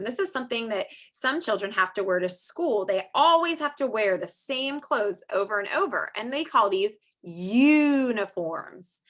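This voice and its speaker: A woman's voice: mid-range voice, a bit bright. A woman teaching young children phonics in an online small-group class, stretching out sounds in a sing-song teacher voice. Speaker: preschool teacher. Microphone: screen-share video call.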